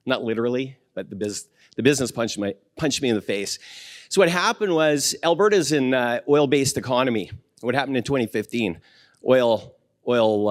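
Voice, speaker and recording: A man in his fifties giving a keynote talk at a conference, earnest and self-deprecating, pausing on fillers and choking up a little. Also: mid-range voice, no room sound. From Canada. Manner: earnest and self-deprecating, with frequent fillers and restarts, getting emotional. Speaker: keynote speaker.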